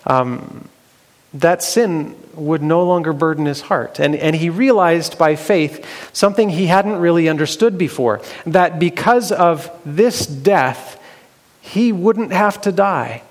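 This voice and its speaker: A man telling a Bible story aloud, unhurried and halting, with fillers and restarts. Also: on the high side. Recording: long hall reverb.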